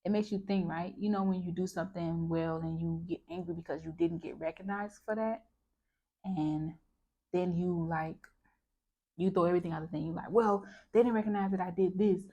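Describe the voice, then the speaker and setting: A woman's voice: fairly low pitch, fairly even intonation, normal speed, vocal fry, warm tone, lo-fi sound. Chatty woman reflecting on scripture. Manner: chatty and reflective, with many fillers. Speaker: bible study vlogger. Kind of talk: casual chat about scripture.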